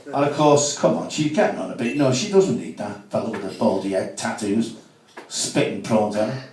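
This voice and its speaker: A man's voice: fairly low pitch, normal speed, darkish tone. A man doing a cheeky, chatty stand-up set at a comedy club, with asides to the crowd. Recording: echoey room, mic from far off.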